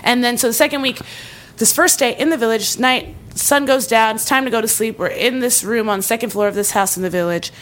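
A young woman spins a funny personal story in a loose, chatty way. She is animated and scatters likes and ums through her sentences. She keeps laughing at her own punchlines. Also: a little high, a little fast. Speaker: storyteller on a comedy podcast. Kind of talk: casual comedic storytelling.

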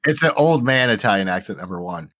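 A man in his forties with a low voice plays a tabletop game at a measured, halting pace. The sound is dry and close. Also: lively intonation, fairly bright tone, no echo. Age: 40s. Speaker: player.

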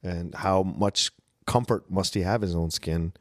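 A man's voice: deep voice, measured pace, dry recording, studio quality. A man co-hosting a casual film podcast, effusive and full of praise. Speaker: podcast co-host.

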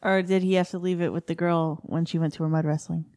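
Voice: mid-range voice, level tone, fast, a little mellow. A podcast co-host in casual chat, answering bluntly with short, disgusted remarks.

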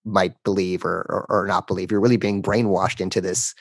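A man speaking as a podcast guest, telling a candid story in a halting way, often restarting sentences and emotional at times. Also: low-pitched, little pitch movement, husky, dry recording.

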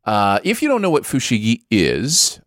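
A man hosts a casual podcast and tells stories with lots of laughter. His pitch swings widely from low to high as he talks. The sound is dry and close, with no room echo. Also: normal speed. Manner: animated, laughing storyteller. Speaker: podcast host. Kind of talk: casual chat.

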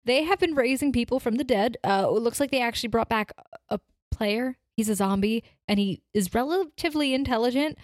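A woman's voice: on the high side, brisk, hardly any pauses, no room sound, studio quality. A woman playing a tabletop game, taking charge and laying out plans point by point. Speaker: player.

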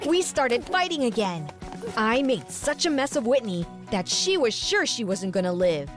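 A woman's voice: fairly high pitch, big pitch swings, normal speed, faint music behind. A woman telling a first-person story for a podcast in a dramatic, resentful manner.

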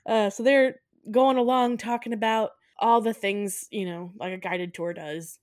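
A woman's voice: mid-range voice, steady tone, a little slow, a little mellow, no room sound, studio quality. A woman co-hosting a podcast, casually retelling film scenes with frequent giggles. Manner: giggly, retells scenes and slips into put-on accents. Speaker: podcast co-host. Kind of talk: casual film-recap chat.

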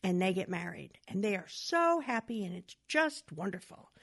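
A woman lecturing through an illustrative story. Her delivery is animated, and her voice swings widely as she narrates. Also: medium pitch, normal speed, vocal fry. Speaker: speaker on domestic violence.

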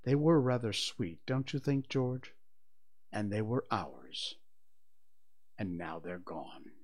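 A man voicing a placid, gentle mother recalling her children with wistful tenderness. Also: lowish voice, slow.

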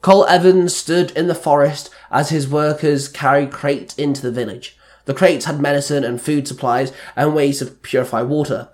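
A man's voice: fairly high pitch, fairly even intonation, moderate pace, a little mellow. Man reading fan fiction aloud. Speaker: narrator.

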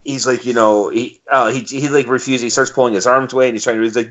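A man co-hosts a casual podcast and tells a long, profane story with exasperated energy. His voice sits at a middle pitch and has a slightly dull, muffled sound. He talks loosely and laughs through his own stories. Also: steady tone, quick pace. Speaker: podcast co-host.

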